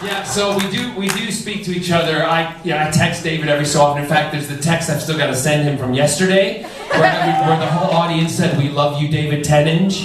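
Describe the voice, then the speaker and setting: A man's voice: a little high, brisk, background noise. A man telling funny stories at a fan convention panel in a camp, playful, theatrical way. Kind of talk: comic storytelling at a fan panel. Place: large convention hall. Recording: echoey hall, distant mic, loud crowd.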